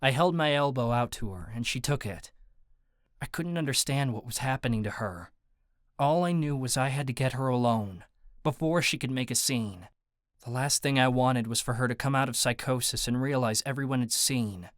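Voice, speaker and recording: A man reads a first-person audiobook in a steady, even storytelling manner. His voice sits at a middle pitch, and the close studio recording is dry, with no room sound. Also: normal speed, no room sound. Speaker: audiobook narrator. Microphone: close studio mic.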